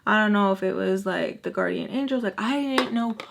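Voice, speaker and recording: A young woman vlogger telling a story in a casual, animated way, full of fillers and the odd curse. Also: medium pitch, a little fast, gravelly, background noise.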